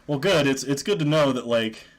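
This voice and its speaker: A man talks casually over his card game stream, cracking jokes and chuckling often. His voice is mid-pitched but very lively, rising and falling freely as he reacts to each play. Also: moderate pace. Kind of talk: casual gameplay commentary.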